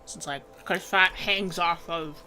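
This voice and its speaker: Woman, art streamer, casual stream chat, giggly, filler-heavy, bright voice, faint music behind. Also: lowish voice, fairly even intonation, unhurried. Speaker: art streamer teaching drawing.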